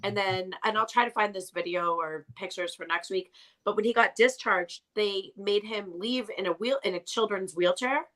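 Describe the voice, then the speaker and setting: A woman co-hosting a parenting podcast, telling long, animated stories about her kids in casual chat. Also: medium pitch, normal speed, poor audio. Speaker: podcast co-host.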